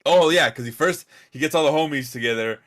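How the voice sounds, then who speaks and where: A man's voice: fairly high pitch, fairly quick, fairly bright tone. Laid-back joking man in casual chat. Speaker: podcast co-host. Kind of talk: casual movie recap chat.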